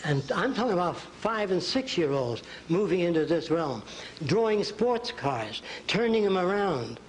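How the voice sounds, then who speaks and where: A man's voice: high-pitched, sing-song, a little slow, slight background noise, poor audio. An older man giving a folksy college lecture at a blackboard, acting out quotes. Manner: folksy, drawing on a blackboard while talking, acts out quotes. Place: lecture hall.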